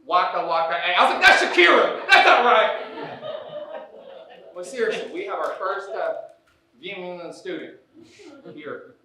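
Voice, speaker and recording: Man doing a folksy Southern principal, loud and high, eager to please, live stage echo from afar. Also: moderate pace, noisy background, lightly acted. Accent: Southern US put-on. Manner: hearty, booming, awkwardly over-friendly. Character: folksy clueless white male high school principal. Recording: echoey stage from a distance.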